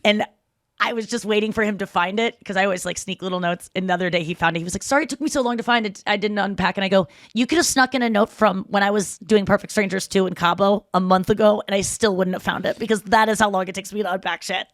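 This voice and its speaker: A woman's voice: medium pitch, quick pace, no echo. A woman hosting a podcast, talking casually and acting out quoted lines as she tells her stories. Her voice sits in the middle of the range. The sound is dry and close, with no room in it. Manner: animated storytelling, acts out quoted lines. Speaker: podcast host. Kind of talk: casual chat.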